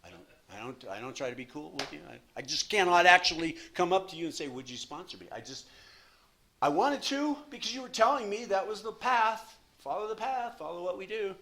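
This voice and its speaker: A man in his sixties speaking at a recovery meeting from a podium, telling his story in an animated, self-deprecating way with lots of repetition. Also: sits high, brisk. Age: 60s. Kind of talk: personal recovery story talk.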